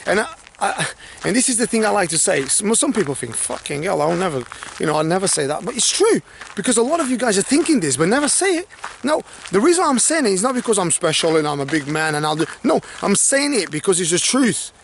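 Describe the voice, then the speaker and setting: A man coaching in a blunt, animated motivational talk to camera, swearing freely and acting out people's worried thoughts. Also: high voice, quick pace, slight background noise. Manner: mimics others' worried thoughts in asides. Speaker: life coach.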